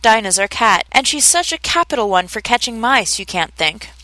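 A woman's voice: mid-range voice, big pitch swings, normal speed, a bit bright, no echo, low-quality recording. An earnest, well-mannered young girl, read by a woman in a storybook, eager to please and a little anxious. The voice is close and dry, with no room around it. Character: polite, curious young girl. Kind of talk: audiobook character reading.

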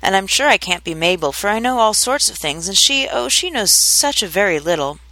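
A woman doing a bright, chattering little girl. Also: medium pitch, animated, brisk, dry recording, low-quality recording. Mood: puzzled. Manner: chattering, wondering aloud to herself. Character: curious fretful little English girl.

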